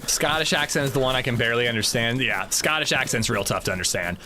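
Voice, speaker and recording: An American man streams a game, chatting and joking as he responds to his chat. His voice is medium-pitched and fast, with background noise in this casual gaming livestream.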